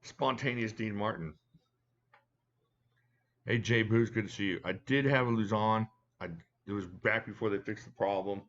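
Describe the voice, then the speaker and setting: Sounding a bit bright yet on the low side, this man talks at a moderate pace, though the audio comes through dull. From a home desk-mic setup, he runs a relaxed live stream reviewing knives, reading comments aloud and bantering with viewers by name.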